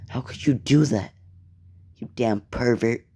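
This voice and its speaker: A man's voice: medium pitch, measured pace, warm tone, slightly rough. A man voicing an angry teenage girl who accuses and curses in a storytelling reading. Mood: angry, accusing. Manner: sneering, cursing.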